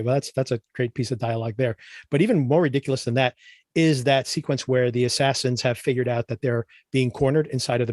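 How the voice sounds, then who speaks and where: A man of middle pitch hosts a casual review podcast, picking a show apart with exasperated sarcasm and frequent laughs. His voice sounds dry and close, with almost no room around it. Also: no echo. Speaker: podcast host.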